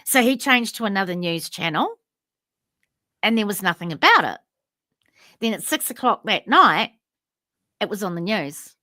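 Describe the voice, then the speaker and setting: A New woman telling a personal story on a chat show, her voice bright and ringing and swooping up and down as she plays out each side of the exchange. She sits a little higher than most women, and the sound is close and dry. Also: moderate pace, long pauses, dry recording. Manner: animated, acts out both sides of remembered conversations. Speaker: podcast co-host.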